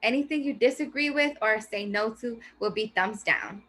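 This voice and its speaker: Bright-voiced woman teaching a lesson. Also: a little high, a little hiss or hum. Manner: slow, clear teacherly explanation. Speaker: teacher presenting a reading lesson. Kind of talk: scripted classroom presentation.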